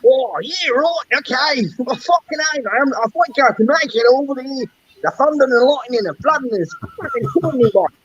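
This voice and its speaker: A man's voice: very high voice, expressive, moderate pace, a bit bright, a little hiss or hum, voice pushed up. A man putting on a mock Australian accent to voice a rowdy, cursing male trucker. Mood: boisterous. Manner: boisterous, swearing, mocking. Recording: dull lo-fi stream audio.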